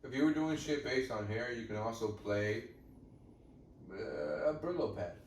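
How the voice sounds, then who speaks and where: A young man co-hosts a comedy podcast with crude humor and frequent laughs. His pitch swings widely as he talks. The sound carries the heavy ring of a roomy space, picked up from a distance over faint noise. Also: unhurried. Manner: lively, crude, laughs often. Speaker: podcast co-host. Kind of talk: casual chat.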